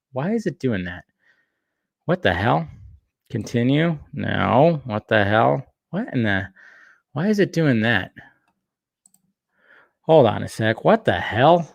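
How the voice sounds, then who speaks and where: A man's voice: medium pitch, no echo, studio quality. A man hosting a movie news channel, talking in a loose, rambling way with lots of fillers and casual swearing. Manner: loose and chatty, swears freely, full of fillers like "like" and "uh".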